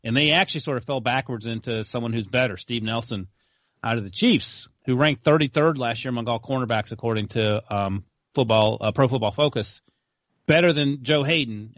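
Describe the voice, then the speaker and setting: Low-voiced man, dry, muffled audio. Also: a bit bright, dry recording. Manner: quick asides, self-correcting. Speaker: podcast co-host. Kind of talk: casual sports talk.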